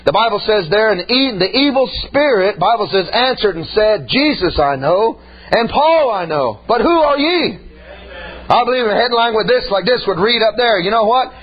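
On a dull, lo-fi recording with a faint hum, a male preacher tells folksy stories from the pulpit, peppering them with "amen" and "man". His voice is high, husky, and expressive at a normal speed.

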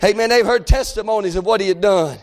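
A man preaching a fervent revival sermon to a congregation, often shouting and punctuating his points with amen and hey. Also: high voice, quick pace. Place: church service before a congregation.

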